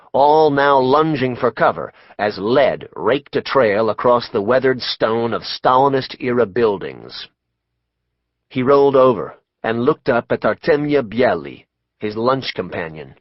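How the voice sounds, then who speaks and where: A man reading an audiobook in a measured, dramatic narration. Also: mid-range voice, dry recording, highs cut off. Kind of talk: scripted narration.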